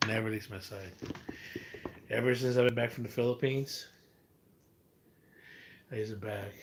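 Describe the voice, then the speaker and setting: A man's voice: medium pitch, fairly even intonation, unhurried, long pauses, a little hiss or hum. A man chatting casually to viewers on a livestream from his home, rambling and swearing often. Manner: rambling, profane, talks to chat. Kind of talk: casual live-stream chat.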